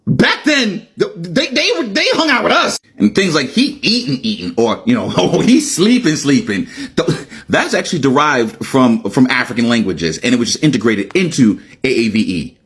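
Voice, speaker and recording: A man's voice: mid-range voice, sing-song, moderate pace, a bit bright. A man reacts to a clip with incredulous, exasperated commentary and frequent laughs.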